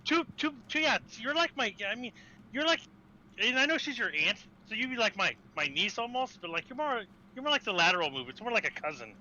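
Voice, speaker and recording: A man's voice: very high-pitched, big pitch swings, a little fast, sharp tone, dull audio, slight background noise. A man chatting casually over voice chat, teasing and laughing often. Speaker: friend in voice chat.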